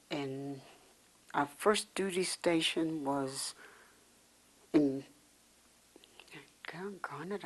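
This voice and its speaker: A woman's voice: low voice, slightly rough, poor audio. An older woman from New York City telling her life story in an interview, rambling and backtracking as she remembers. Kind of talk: oral history storytelling.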